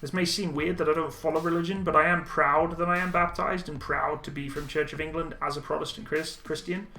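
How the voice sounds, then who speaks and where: Bright-voiced young man chatting live. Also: fairly high pitch, a little fast, faint music behind. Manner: relaxed, chatty, frequent ums and laughs. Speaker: streamer reading viewer chat. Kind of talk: casual live chat.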